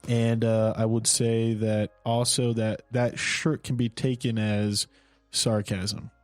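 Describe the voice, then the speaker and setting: A man's voice: on the low side, flat delivery, takes it slowly, dry recording, faint music behind. Brief: laughing, joking man, podcast co-host, dry studio sound. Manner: joking, laughs often, riffs on ideas. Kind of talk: casual comedic chat.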